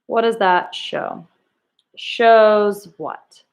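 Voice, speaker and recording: A woman teaching a recorded reading lesson to children, asking slow, emphatic questions and acting out the quoted lines. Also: mid-range voice, muffled recording.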